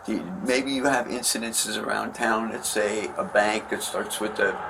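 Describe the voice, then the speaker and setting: A landlord being questioned by a detective in a recorded police interview, talking in a rambling, defensive and emphatic way. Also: male voice, on the low side, fairly even intonation, normal speed, creaky, noisy background.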